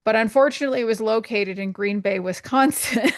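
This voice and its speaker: A Canadian woman co-hosting a podcast, summarizing a book in a rambling, casual way with quick asides. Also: on the high side, no room sound, clean studio sound. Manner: rambling explanations, quick asides, frequent laughs. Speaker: podcast co-host. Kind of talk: casual chat.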